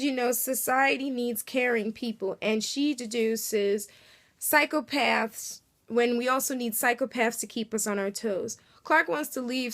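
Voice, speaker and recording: A woman casually recapping a TV episode, chatty and full of fillers, acting out little reactions as she goes. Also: on the high side. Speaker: TV episode reviewer.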